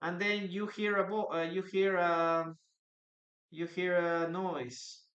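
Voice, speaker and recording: Man, Peruvian Spanish accent, English teacher on a live stream, slow and unhurried, echoey room. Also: sits high, little pitch movement, fairly bright tone, lo-fi sound. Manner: reads chat questions aloud and answers viewers. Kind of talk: live online English lesson.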